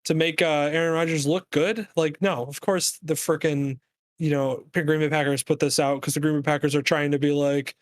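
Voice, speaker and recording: A man co-hosting a podcast, talking sports in a casual, animated, rambling rant full of fillers. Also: fairly high pitch, moderate pace, dry recording. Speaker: podcast co-host.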